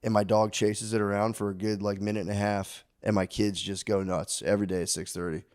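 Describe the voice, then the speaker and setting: A man in his thirties co-hosting a podcast, chatting loosely and swearing often, rambling through stories and mimicking his kids in high squeals. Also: level tone, brisk, darkish tone, dry recording, studio quality. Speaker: podcast co-host. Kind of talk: casual chat.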